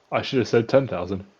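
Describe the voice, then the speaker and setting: A man's voice: mid-range voice, creaky, darkish tone, slightly rough, highs cut off. A man playing a tabletop game, talking in a polite, wry, joking way. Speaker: player.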